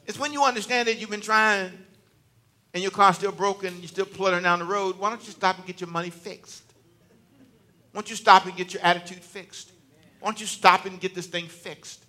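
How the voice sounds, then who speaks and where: A man's voice: high voice, expressive, brisk, pushed and bright. A male preacher giving a conversational, joking sermon to a church congregation, teasing and talking directly to them.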